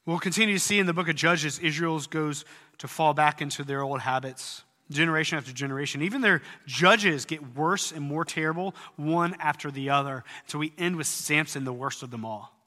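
A man preaching a sermon in earnest tones, rising at times to loud, emphatic peaks. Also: a little high, a little fast, in a large hall. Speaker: pastor.

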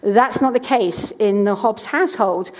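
A woman's voice: medium pitch, unhurried, a little mellow, in a large hall. A woman in her thirties preaching a sermon from a church stage, telling family stories chattily and repeating key lines with earnest emphasis.

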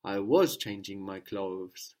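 A man teaching a spoken language lesson, patiently prompting his student and repeating each answer slowly. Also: on the low side, animated, a little mellow.

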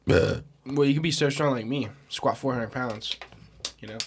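A young podcast host with a mid-range voice talks at normal speed, with a little hiss or hum in the recording. The chat is casual and full of crude jokes, including some mock ASMR whispering.

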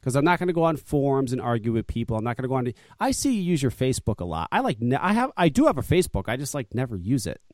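A man's voice: mid-range voice, sing-song, rapid-fire, hardly any pauses, darkish tone, no room sound, studio quality. A man hosting a podcast in casual chat, blunt and profane, often ranting and grumbling. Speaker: podcast host and vape shop owner.

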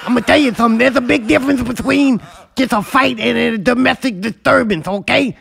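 A man's voice: very high voice, a little fast, creaky, voice pushed up, full character voice. A man voicing a hot-headed boxer who brags and threatens with a lisp. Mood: blustering. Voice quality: lisp, loud blustering delivery.

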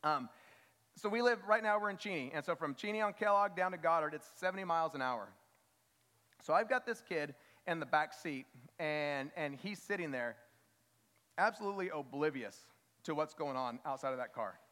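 A father giving a church message, telling a heartfelt story about his son in a halting, earnest way and often repeating words. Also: on the high side, animated, bright, forceful tone. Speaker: father speaking to a church congregation. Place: church sanctuary. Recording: long hall reverb.

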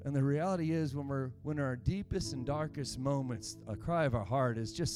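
A man's voice: a little high, normal speed, hardly any pauses, faint music behind. A man preaching a sermon in a church, telling stories and acting out the quotes of the people in them. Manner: preaching with rising intensity, acts out quotes. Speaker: pastor.

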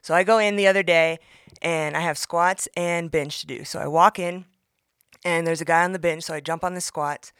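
Woman caller, bright voice, lively recorded story, dry sound. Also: lowish voice, normal speed, clear, resonant tone, dry recording. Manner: animated storytelling, acting out her own quotes. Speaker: listener sending in a voice message. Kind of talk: recorded voice message telling a story.

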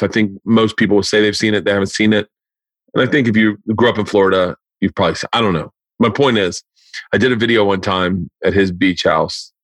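A man in his forties, a comedian hosting a podcast, telling stories in a casual, profane, animated way. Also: fairly low pitch, no echo. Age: 40s. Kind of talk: casual storytelling chat.

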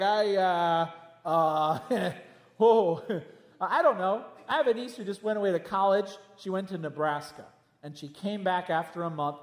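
High-voiced preacher in an echoey hall. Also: male voice. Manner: conversational preaching with jokes and asides. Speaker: pastor. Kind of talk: sermon. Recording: echoey hall with long reverb.

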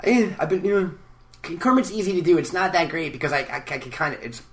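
A man co-hosting a podcast in casual chat, energetic and joking and swearing freely. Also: fairly high pitch, quick pace.

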